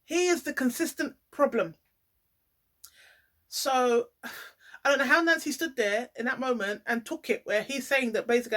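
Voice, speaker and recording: A woman giving a casual, animated vlog commentary, playing up the drama and talking straight to her viewers. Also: fairly high pitch, normal speed, pauses often. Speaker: YouTuber reviewing a reality show.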